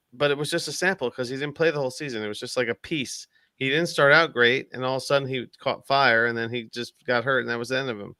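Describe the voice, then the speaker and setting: An excitable man hosts a loose podcast chat, laughing and swearing as he quizzes his panel. His voice is bright and crisp, and the close mic sounds dry, with no room around it. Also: medium pitch, no echo. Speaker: podcast host. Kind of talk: casual chat.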